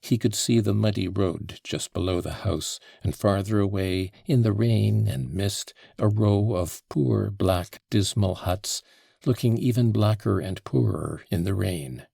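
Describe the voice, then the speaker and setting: A man narrating a classic novel as an audiobook in a steady, even storytelling manner. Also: fairly low pitch, unhurried, creaky, breathy edge, no echo, clean studio sound.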